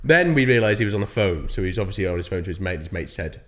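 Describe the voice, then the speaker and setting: A man's voice: low-pitched, expressive, racing, a bit bright. A young man, co-hosting a podcast and telling a long story in a casual, rambling way with plenty of swearing. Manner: rambling, swears freely, acts out voices in his stories. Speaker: podcast co-host.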